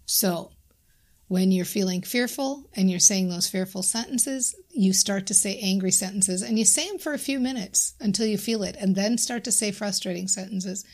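A woman's voice: mid-range voice, moderate pace, a little mellow. A woman coach giving a casual instructional talk, conversational and repeating her phrases for emphasis. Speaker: abundance coach.

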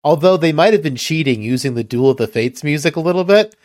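A man hosting a podcast in casual chat, rambling and halting and chuckling often. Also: fairly high pitch, expressive, darkish tone, no room sound, studio quality. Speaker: podcast host.

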